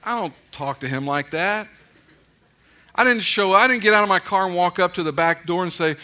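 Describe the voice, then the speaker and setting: A middle-aged man preaching a conversational sermon, mixing folksy stories and gentle humor into his points. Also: sits high, lively intonation, normal speed. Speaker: pastor.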